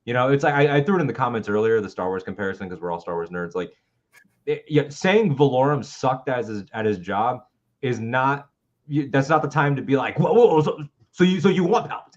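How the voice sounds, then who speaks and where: A man's voice: medium pitch, lively intonation, a little fast, muffled recording. A man in his twenties co-hosting a live political talk show, ranting with heated, profane passion. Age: 20s. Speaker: co-host.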